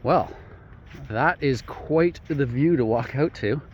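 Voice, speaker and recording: An easygoing man narrating his travels outdoors into a handheld camera, chatty and quick to laugh. His voice sits at a plain middle pitch for a man. A faint hiss of open air runs underneath. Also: darkish tone, lo-fi sound. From Canada. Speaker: outdoor vlogger. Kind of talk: casual travel vlog narration.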